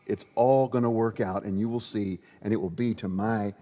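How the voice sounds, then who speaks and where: Man doing God, deep hushed voice, steady reassurance, echoey hall, muffled lo-fi sound. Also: normal speed. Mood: firm. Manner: low, soft and steady reassurance. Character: calm, all-powerful God reassuring his prophet.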